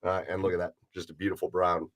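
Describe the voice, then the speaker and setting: On a casual podcast, a male host talks loosely, full of fillers and easy laughter. He has a low, level voice, talks fast, and the recording is dry.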